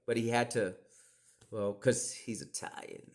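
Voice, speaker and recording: A middle-aged man hosts a podcast, delivering a rambling storytelling monologue full of profanity and digressions, frequently slipping into whispered asides. His voice is mid-range, fairly even in intonation, and unhurried.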